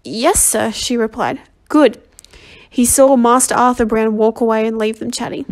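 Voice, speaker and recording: A woman volunteering as an audiobook reader reads a novel aloud in a level voice that sits a little high for a woman. She's slightly under the weather, so her reading is halting, and she often stumbles and goes back to correct words. It's a plain, amateur reading.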